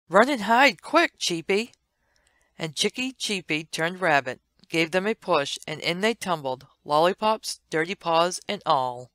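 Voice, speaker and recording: A woman's voice: low-pitched, a bit bright, clean tone, no echo, clean studio sound. Woman reading an old comic aloud. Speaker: storyteller. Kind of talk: read-along storybook narration.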